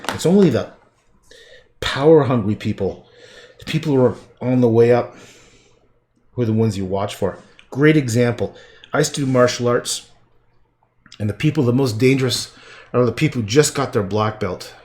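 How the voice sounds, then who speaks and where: A man's voice: medium pitch, moderate pace, pauses often. Rambling, profane man painting on livestream. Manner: profane, rambling, trails off quietly. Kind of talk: casual rambling chat while painting.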